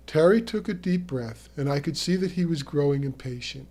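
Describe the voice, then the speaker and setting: A man's voice: medium pitch, moderate pace, hardly any pauses, mellow. A man telling a vivid first-person story as narrator of an audio tale.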